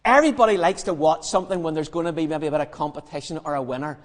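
A man telling a Bible story in an animated, humorous sermon, acting out the scenes. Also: a little high, racing, long reverb tail. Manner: lively, acts out the story, humorous. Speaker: preacher.

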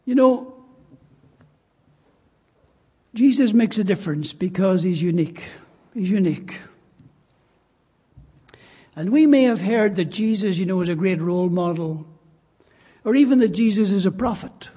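A man delivers a church sermon in a high, mellow, slightly husky voice. He stresses and repeats his main points with emphatic rises and drops. The sound carries a long reverb from the church hall. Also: expressive, a little slow, long pauses. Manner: emphatic, repeats key phrases. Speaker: preacher.

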